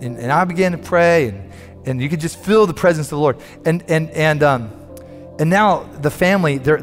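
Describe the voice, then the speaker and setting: A man preaching a sermon as a pastor, telling a story earnestly and often repeating words as he builds up. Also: fairly high pitch. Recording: long hall reverb with faint music.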